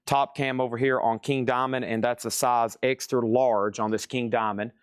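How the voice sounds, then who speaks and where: A man hosting a live-stream record sale, rattling off titles and prices in brisk salesman patter and repeating each price. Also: medium pitch, steady tone, clean tone, dry recording, studio quality. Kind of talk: live-stream auction selling. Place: record shop.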